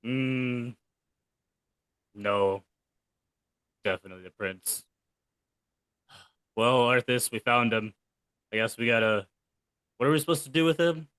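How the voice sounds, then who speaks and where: A man playing a character in an online tabletop game, teasing in a deadpan way. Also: mid-range voice, a little slow, pauses often, clear, resonant tone, no echo. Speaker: player.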